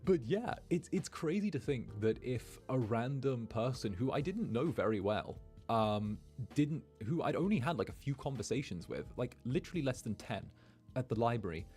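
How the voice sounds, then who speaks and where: Vtuber guy telling a story, mid pitch, chatty and animated, soft music underneath. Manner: animated, chatty, acts out quotes. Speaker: VTuber streamer. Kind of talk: casual storytelling.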